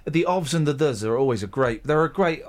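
A man's voice: on the high side, lively intonation. Guy hosting charades in a studio, sarcastic and teasing, voice jumps all over. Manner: sarcastic, teasing, quick-firing guesses. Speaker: studio host running charades. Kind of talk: casual banter during a guessing game. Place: studio room.

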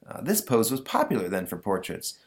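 A man's voice: lowish voice, huge pitch swings, a little fast. A man voicing a prim, weary schoolteacher who lectures a class. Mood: lecturing.

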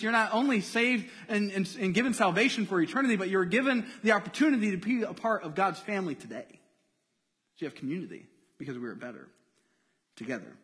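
A man preaching a sermon in a relaxed, conversational way, full of rhetorical questions and casual slang. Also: a little high, in a large hall. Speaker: pastor.

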